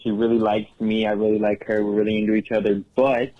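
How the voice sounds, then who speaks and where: A man's voice: fairly low pitch, little pitch movement, quick pace, highs cut off. A man calling into a podcast with a casual, slangy voice message, sounding worried. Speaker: caller. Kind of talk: recorded voice message.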